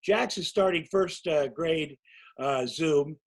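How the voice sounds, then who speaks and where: A man's voice: fairly high pitch, takes it slowly, vocal fry, low-quality recording. A man in his sixties telling long, rambling, self-mocking anecdotes as a guest in a casual interview. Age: 60s. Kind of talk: casual storytelling.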